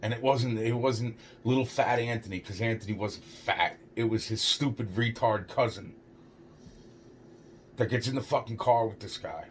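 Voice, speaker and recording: Speaking at an ordinary pace in a mid-range voice, this young man tells a story from his own life, stumbling as he goes, leaning on "it's like," and swearing often. A slight hiss or hum sits underneath.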